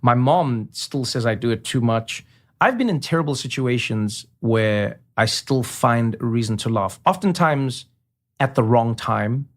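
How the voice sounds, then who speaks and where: A man, a guest in an interview, telling animated stories and slipping into impressions of others. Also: medium pitch, measured pace. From South Africa. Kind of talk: conversational storytelling.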